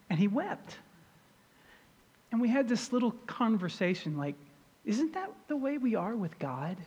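A middle-aged man preaching a sermon as pastor, earnest and storytelling, rising in pitch and volume for emphasis. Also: sing-song, measured pace, long pauses, a little mellow, slightly rough, in a large hall, highs cut off.

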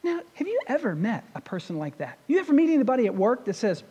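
A pastor delivering a sermon in a church, telling a scripture story in a chatty, conversational way and turning to the congregation with rhetorical questions. The voice rises and falls in a lively, expressive way. A long reverb trails after each phrase, as in a large hall. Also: mid-range voice, fast talker, few pauses, slightly rough, highs cut off.

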